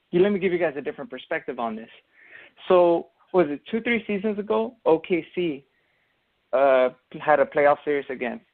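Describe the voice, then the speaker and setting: A man co-hosting a casual sports podcast, explaining his take at length with lots of fillers and restarts. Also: a little high. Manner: rambling, filler-heavy explaining. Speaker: podcast co-host. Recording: tinny phone-like audio.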